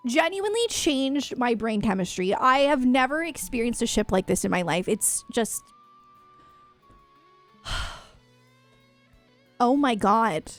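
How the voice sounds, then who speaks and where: A woman's voice: a little high, expressive, slow, long pauses. A young woman streamer chatting casually and gushing as a fan, filling her talk with "like" and "um". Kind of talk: casual livestream chat. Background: faint music.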